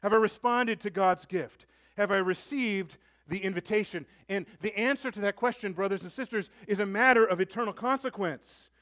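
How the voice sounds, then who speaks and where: A man preaching a sermon as pastor, earnest and pleading, building to emphatic points and then dropping low and soft. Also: moderate pace, hardly any pauses. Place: church.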